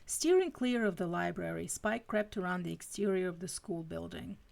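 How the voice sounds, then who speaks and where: A woman reads a story aloud on a live stream in an expressive way. She drops quick asides between passages. Her mid-pitched voice has a gravelly fry. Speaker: fanfiction reader.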